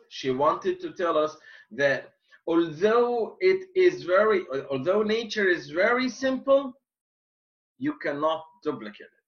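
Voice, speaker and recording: A man teaching a poetry lesson, explaining slowly and repeating himself, with many fillers and restarts. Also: high voice, animated, lo-fi sound. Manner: slow, repetitive explaining with frequent fillers and restarts. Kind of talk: classroom lecture.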